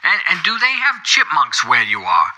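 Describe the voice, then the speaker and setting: Rambling older man with a sharp bright voice. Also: a little high, wildly swooping pitch, moderate pace, rough recording. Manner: rambling, wordy and folksy, piling up quirky questions. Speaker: caller. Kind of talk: comedic call-in monologue.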